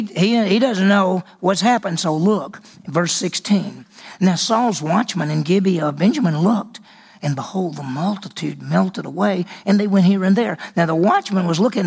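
High, gravelly preacher. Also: male voice. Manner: animated storytelling, acting out voices. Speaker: Bible teacher. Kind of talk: sermon.

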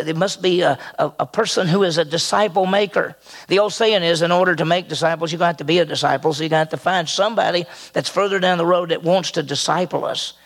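Older pastor, high gravelly voice. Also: male voice. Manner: animated, acts out quotes with pitch jumps. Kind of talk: sermon.

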